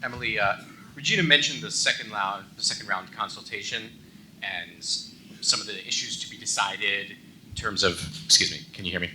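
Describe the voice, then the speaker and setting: A man, a newspaper journalist, asking a panelist a question from the audience in a hesitant, halting way. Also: lowish voice, pushed and bright, a little hiss or hum, rough recording.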